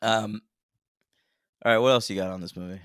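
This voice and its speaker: A man's voice: fairly low pitch, brisk, no echo, clean studio sound. A man co-hosting a podcast, chatting casually and jokily about movies. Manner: animated, jokey, laughs often. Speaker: podcast co-host. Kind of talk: casual movie review chat.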